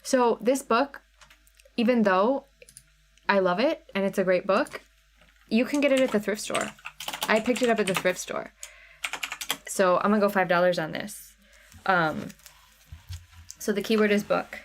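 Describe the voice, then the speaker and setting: A woman hosting a live craft sale stream. She chats loosely and answers viewers by name as she shows items. Her voice sits at an ordinary middle pitch for a woman. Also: unhurried, pauses often, slight background noise. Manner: chatty, reads out viewer names and chat comments. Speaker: livestream sale host. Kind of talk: casual live sale chat.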